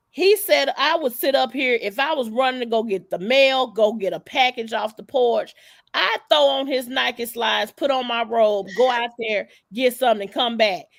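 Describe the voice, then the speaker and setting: A woman's voice: a little high, dry recording, clean studio sound. A woman hosting a livestream, gossiping in a sassy, profane, emphatic way. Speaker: livestream host. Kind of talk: casual gossip commentary.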